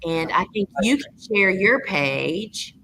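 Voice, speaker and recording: A woman hosting a live Q&A, chatty and enthusiastic as she pitches her online courses. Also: animated, slow, a bit bright, slight background noise, low-quality recording. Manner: chatty and enthusiastic, many fillers. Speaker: course host.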